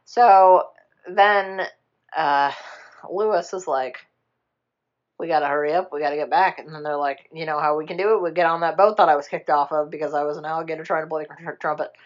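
Woman co-host, lowish voice, rambling animated plot recap, muffled lo-fi recording. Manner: rambling, animated retelling with quick put-on character voices and swearing. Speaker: podcast co-host retelling a film. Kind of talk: casual chat.

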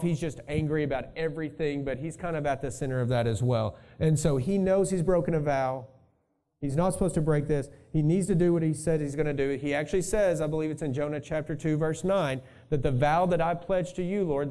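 A man's voice: a little high, dark tone. A male pastor preaching a sermon in a conversational way, thinking aloud and adding asides to his congregation.

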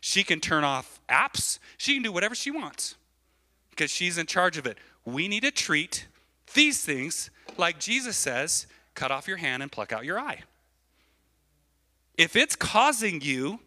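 A man preaching a sermon as a pastor in church, animated and repetitive, often checking in with his listeners. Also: high-pitched. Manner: animated, repeats phrases, keeps asking the crowd "right?".

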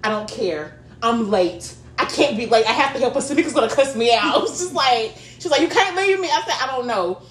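A woman co-hosting a podcast in casual chat, telling animated, profane stories and laughing often. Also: a little high, brisk, few pauses, echoey room. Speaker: podcast co-host.

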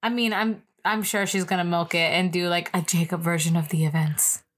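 Speaking fairly quickly in a lowish, steady voice, this young woman is a podcast co-host. She rambles through a casual conversation and leans heavily on the word "like."

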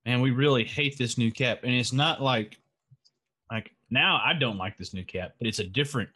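A man's voice: mid-range voice, normal speed, sharp tone. An American man co-hosting a casual podcast, rambling with many fillers. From United States. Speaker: podcast co-host. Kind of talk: casual chat.

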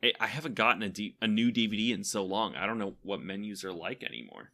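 A young podcast co-host chats casually and enthusiastically, rambling and laughing often. His lowish voice is fast, creaky, pushed, and bright.

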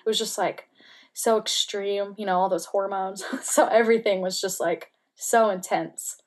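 A woman speaking as an interview guest, telling a personal story candidly with many "like" fillers and softening at times to a near-whisper. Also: mid-range voice, fairly even intonation, normal speed. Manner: candid, heavy use of "like" fillers; emotional, drops to soft near-whispers.

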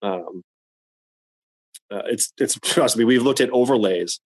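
A man with a lowish voice talks casually, rambling and circling back over his words. The sound is dry and close. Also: measured pace, a little mellow, breathy edge, no room sound, rough recording. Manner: rambling, repeats words while thinking. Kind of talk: casual chat.

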